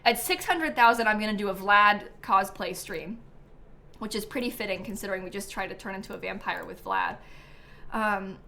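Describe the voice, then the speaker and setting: A woman's voice: mid-range voice, moderate pace, pushed and bright, a little hiss or hum. A woman hosting a casual live stream, chatty and giggly, full of ums and likes as she thanks viewers by name. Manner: reads out viewer names and thanks. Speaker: livestream host.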